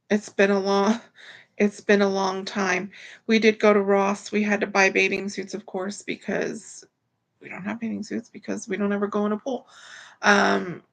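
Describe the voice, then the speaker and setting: A woman's voice: mid-range voice, creaky. A tired woman hosts a casual livestream from home, greeting viewers by name. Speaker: livestream host.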